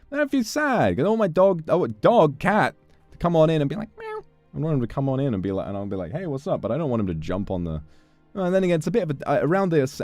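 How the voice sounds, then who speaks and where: Low-voiced man chatting animatedly. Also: no echo. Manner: animated and playful, swears casually. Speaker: streamer. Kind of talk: casual stream chat reading donations.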